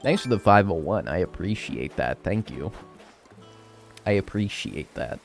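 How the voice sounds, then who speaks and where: Lively sarcastic streamer guy. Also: low voice, measured pace, gravelly, long pauses, soft background music. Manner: chatty, sarcastic, swears, reads chat aloud. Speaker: live streamer. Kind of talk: casual live-stream chat while gaming.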